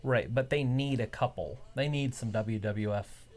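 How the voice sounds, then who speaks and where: A woman's voice: a bass voice, unhurried, a little mellow. A woman co-hosting a casual live reaction chat, giving wry running commentary with trivia asides. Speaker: co-host reacting to a wrestling show.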